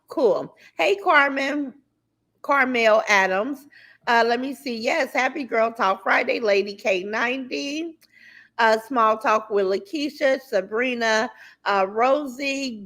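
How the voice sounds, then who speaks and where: A woman hosting a casual livestream, greeting viewers by name and chatting in a lively, talkative way with features, swearing now and then. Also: on the high side. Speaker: livestream host.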